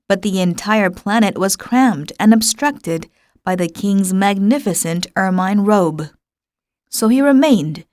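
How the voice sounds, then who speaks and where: Woman narrator, calm measured storytelling, very slow pace, dry close-miked sound. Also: mid-range voice, dry recording. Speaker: audiobook narrator. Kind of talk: scripted narration.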